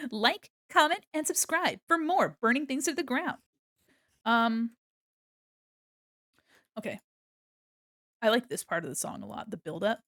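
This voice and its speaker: A young woman streams herself drawing and chats in an unhurried, easygoing way. She swears freely, laughs often and hums bits of songs. Her voice sits a little high and sounds close and dry, with no room around it. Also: expressive, a bit bright, dry recording. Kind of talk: casual livestream chat while drawing.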